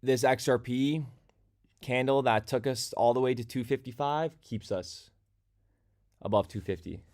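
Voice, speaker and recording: A man's voice: mid-range voice, measured pace, darkish tone. A man hosting a casual crypto livestream, chatty and talking straight to his viewers, at a desk microphone in a room at home. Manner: chatty, reads viewer comments aloud.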